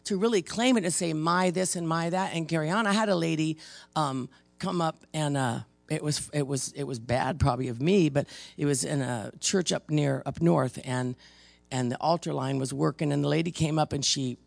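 A man's voice: fairly high pitch, moderate pace, vocal fry, no room sound. A man preaching in a conversational group talk, telling stories emphatically and often restarting his sentences. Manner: emphatic, storytelling, frequent restarts. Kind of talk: conversational ministry teaching.

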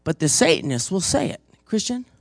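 A man's voice: high-pitched, big pitch swings, brisk, gravelly, no echo. A man preaching in a conversational group talk, telling stories emphatically and often restarting his sentences. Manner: emphatic, storytelling, frequent restarts. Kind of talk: conversational ministry teaching.

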